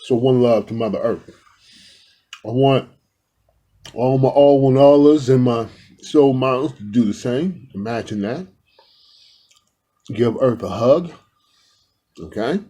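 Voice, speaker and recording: Husky, mellow-voiced man chatting to camera. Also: medium pitch, slow pace, pauses often. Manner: loose and rambling, addresses viewers directly, affectionate. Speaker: spiritual vlogger. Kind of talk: casual talk to camera.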